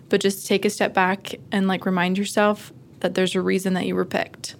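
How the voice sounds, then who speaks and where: A woman's voice: medium pitch, level tone, moderate pace, few pauses. A young woman intern speaking animatedly and acting out worried thoughts as she answers.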